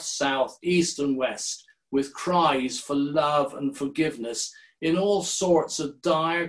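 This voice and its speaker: Slow, measured older male preacher. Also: fairly high pitch. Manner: measured, deliberate delivery with quoted scripture. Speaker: minister. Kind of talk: sermon.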